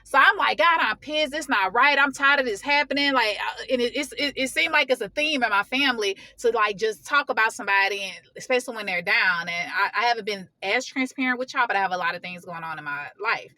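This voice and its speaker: A woman telling a personal story in a casual vlog, venting heatedly in slangy, animated talk. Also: medium pitch, quick pace, hardly any pauses, dry recording. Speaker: vlogger.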